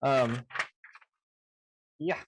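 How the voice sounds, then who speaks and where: A man in casual chat about running tabletop games, talking in an animated, rambling way with plenty of swearing, on a video call. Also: very slow, noisy background. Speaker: game master. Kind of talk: casual chat between game masters.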